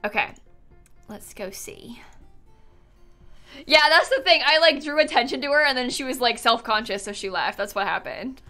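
A bubbly woman streamer chats her way through viewers' builds, her voice a little high and very bright. She sounds sleepy, yawning between lines, with faint music playing under her. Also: lively intonation, normal speed, long pauses. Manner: bubbly, chatty, many "like"s. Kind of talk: casual live-stream chat.

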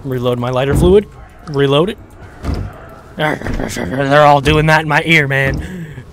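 Man, horror game commentary, slow talk, lively pitch, jumpy, faint noise behind. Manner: jumpy, swears, shouts when startled. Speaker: gaming video host.

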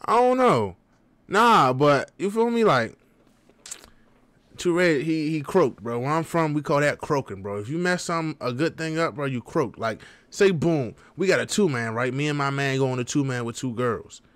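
Animated young man giving slangy music reactions. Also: a little high, moderate pace, dry recording. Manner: slangy, animated, talks straight to viewers. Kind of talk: casual reaction commentary.

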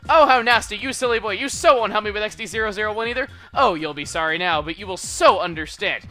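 A man's voice: high voice, fast, pushed and bright, soft background music. Man putting on a teasing sing-song villainess.

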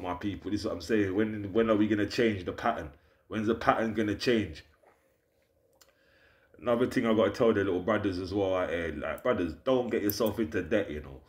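Low-voiced man. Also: roomy sound. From England. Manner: preachy, forceful, repeats "you understand" and "innit". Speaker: vlogger. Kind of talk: straight-to-camera rant.

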